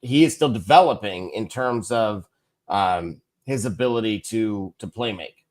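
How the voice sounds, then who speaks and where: A man co-hosting a sports talk show, speaking in a measured, analytical way with hesitant restarts. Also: lowish voice, a little mellow.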